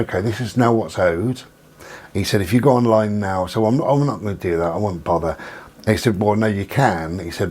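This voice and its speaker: A man with a husky voice, telling an exasperated story about phone calls and acting out both sides of the dialogue. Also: low-pitched, darkish tone. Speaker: vlogger. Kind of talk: casual storytelling rant.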